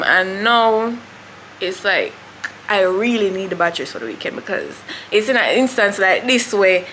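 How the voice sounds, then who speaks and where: A woman's voice: medium pitch, moderate pace, sharp tone, a little hiss or hum. A young woman with a Jamaican accent, chatting casually to camera as a vlogger and thinking aloud about her plans. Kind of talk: casual vlog chat.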